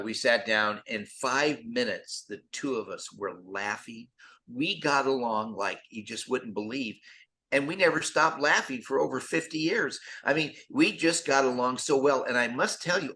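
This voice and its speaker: Older man guest, bright forceful voice, animated storyteller who stumbles over repeated words. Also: medium pitch. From United States. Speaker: guest actor. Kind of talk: storytelling interview.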